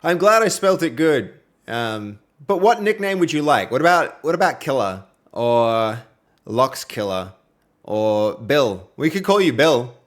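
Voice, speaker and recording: A man's voice: mid-range voice, very animated, a little slow. A young Australian man streaming while he codes, chatting casually with viewers and reading their messages aloud, with a friendly manner and plenty of fillers. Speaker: livestreaming programmer. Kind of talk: casual live-stream chat while coding.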